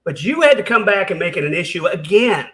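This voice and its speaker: A high-pitched man delivers angry reaction commentary. He is sarcastic and heated, swearing often as he rants. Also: sing-song, a little fast, a bit bright. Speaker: commentary channel host.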